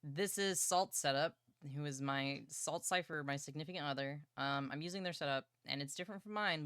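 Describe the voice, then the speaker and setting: A young woman livestreaming from her partner's home setup, chatting excitedly and playfully about books and swearing casually. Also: low-pitched, a little fast, few pauses, smooth, no echo, studio quality.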